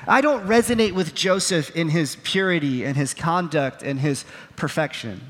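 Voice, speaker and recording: High-voiced male pastor in a reverberant hall. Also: lively intonation, moderate pace, a bit bright. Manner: storytelling with acted quotes, earnest and self-deprecating. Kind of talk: sermon. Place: on a stage in a large hall. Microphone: wearing a microphone.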